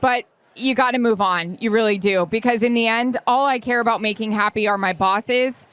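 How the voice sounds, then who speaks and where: A woman co-hosting a live podcast, giving listener advice in an excitable, energetic way. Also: fairly high pitch, normal speed, smooth, no room sound. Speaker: podcast co-host, sideline reporter. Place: live stage event.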